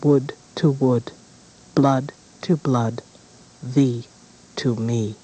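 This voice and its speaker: A man voicing a gentle, trusting young princess in a soft, raised voice in a storybook reading. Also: medium pitch, fairly even intonation, very slow, slightly rough, rough recording. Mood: chanting.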